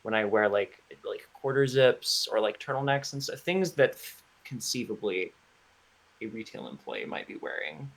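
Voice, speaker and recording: A man's voice: on the low side, big pitch swings, normal speed, gravelly, a bit bright. A man co-hosting a casual podcast chat, telling rambling stories with many restarts. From Florida. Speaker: podcast co-host.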